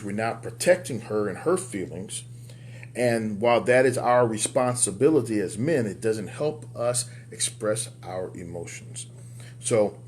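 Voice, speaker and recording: A man coaching other men in a motivational talk. He speaks emphatically like a preacher, repeats key words for effect, and jumps up in pitch on his punch lines. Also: a little mellow, slight background noise. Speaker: men's life coach and show host.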